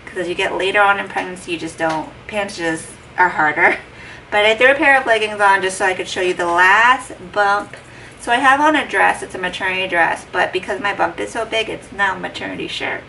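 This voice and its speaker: With a mid-range, gravelly voice that's pushed and bright, the heavily pregnant young vlogger talks a little fast to her camera at home. She relays a conversation using plenty of "like" and quoted speech, heard through a distant mic with faint background noise.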